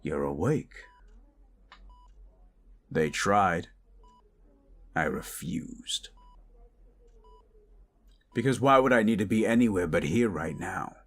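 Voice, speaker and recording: A man playing a gruff but caring young medical student in a romantic audio roleplay, pleading and tender. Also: low-pitched, animated, a little slow, long pauses, heavily acted. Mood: relieved tender.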